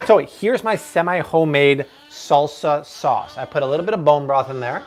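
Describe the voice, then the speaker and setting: A man's voice: on the high side, brisk, few pauses, slight background noise. Playful man hosting a cooking live stream. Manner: playful, jokey, puts on mock accents. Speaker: cooking show host.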